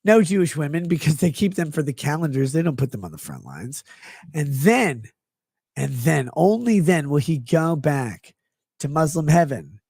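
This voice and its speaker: A man in his thirties, a live streamer on a rambling, crude comedic rant that swings between mumbling and shouting. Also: a little high, sing-song, normal speed, husky, no room sound, studio quality.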